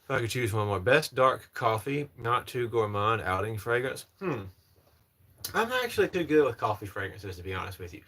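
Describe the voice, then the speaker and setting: A man's voice: mid-range voice, big pitch swings, normal speed, a bit bright. A young man from North Carolina with a Southern American accent, hosting a casual livestream and answering chat comments in a polished presenter voice. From North Carolina, USA. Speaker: livestream host.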